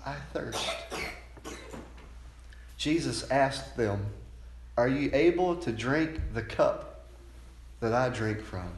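A man preaching a sermon, moving from calm teaching to loud, fervent passages and acted-out quotes. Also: takes it slowly, reverberant, a little hiss or hum. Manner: builds from calm teaching to loud, high-pitched fervor.

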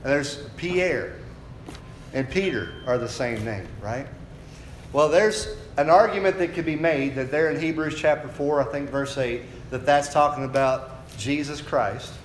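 A man's voice: fairly high pitch, unhurried, a little hiss or hum. A man preaching a sermon in an echoey hall. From United States. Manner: conversational teaching that builds to raised, fervent preaching. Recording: echoey room with faint ambience.

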